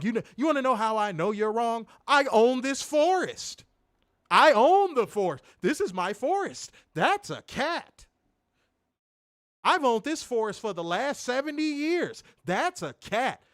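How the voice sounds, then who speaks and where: A man voicing a stubborn old man who insists he owns the forest, speaking slowly and overbearingly. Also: a little high, wildly swooping pitch, dry recording, studio quality. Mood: insistent.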